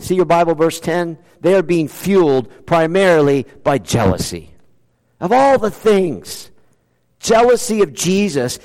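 A male pastor preaching a sermon, full of rhetorical questions, with sudden rises and drops in pitch and loudness. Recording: long hall reverb.

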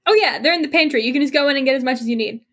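A woman's voice: high-pitched, very fast, natural voice. A woman voicing Kyle, a chatty, friendly young man at camp who loves to talk. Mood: cheery. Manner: bubbly and eager to chat.

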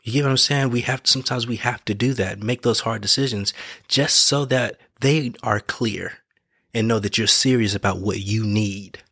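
A man's voice: lowish voice, moderate pace, gravelly, fairly bright tone, slightly rough, dry recording, studio quality. A man giving casual motivational advice in an earnest way, repeating his points, correcting himself and checking in with the listener. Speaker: vlogger giving life advice.

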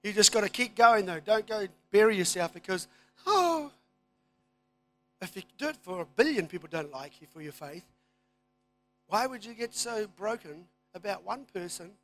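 Kiwi guy preaching, really high voice, bright and forceful, goes from quiet asides to loud declarations. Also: expressive, normal speed. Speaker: pastor. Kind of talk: sermon.

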